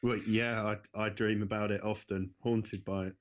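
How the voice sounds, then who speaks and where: A man's voice: on the low side, little pitch movement, normal speed. A man with a British accent co-hosting a podcast in casual chat, dry and joking. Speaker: podcast co-host.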